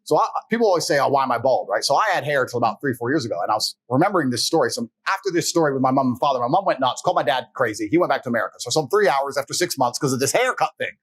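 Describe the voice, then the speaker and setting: A man raised in England, a guest in an interview, telling personal stories in a blunt, profane, animated way. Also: mid-range voice, racing, hardly any pauses, slightly rough. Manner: animated, blunt and profane, acts out quoted voices. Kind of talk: fast personal storytelling in conversation. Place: interview set.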